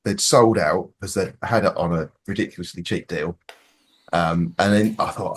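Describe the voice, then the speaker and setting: A Scottish man with a low, husky voice chats with friends on a hobby podcast. He talks freely, restarts his sentences often and swears without a second thought. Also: normal speed. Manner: chatty, swears casually, frequent restarts. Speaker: podcast co-host. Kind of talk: casual chat.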